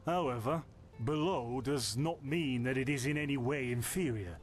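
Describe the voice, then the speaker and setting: A man's voice: mid-range voice, normal speed, soft background music, close to an everyday voice. A man voicing a chatty Yorkshire scholar. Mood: explaining. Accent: Northern English, Yorkshire. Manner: talkative, explaining patiently. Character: friendly scholarly male villager, chatty and helpful. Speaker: game character. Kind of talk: voiced video game dialogue.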